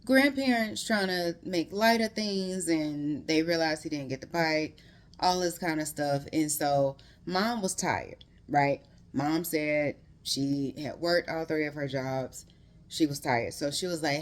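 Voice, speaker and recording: Emphatic lower-voiced woman recapping a book. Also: unhurried. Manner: emphatic, heated storytelling that rises in pitch when worked up; conversational, addresses viewers directly. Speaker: book reviewer.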